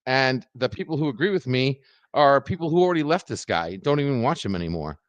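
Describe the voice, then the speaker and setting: A man's voice: mid-range voice, animated, fairly quick, no echo, lo-fi sound. A man ranting angrily on a live stream, swearing a lot and repeating himself. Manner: heated, profane, repeats himself. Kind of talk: angry ranting livestream.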